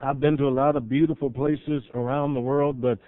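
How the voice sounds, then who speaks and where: A man preaching a sermon as pastor, rising to loud emphatic peaks and dropping to soft, drawn-out lines. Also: mid-range voice, little pitch movement, no echo. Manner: swells loud then drops soft, dramatic pauses. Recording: tinny phone-like sound.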